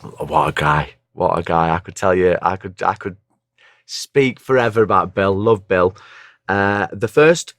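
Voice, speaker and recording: A man's voice: low-pitched, dry recording, studio quality. A hungover man, a former football commentator, telling rambling anecdotes in a casual podcast chat, with a somewhat nasal voice. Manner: rambling anecdotes, acts out other people's lines.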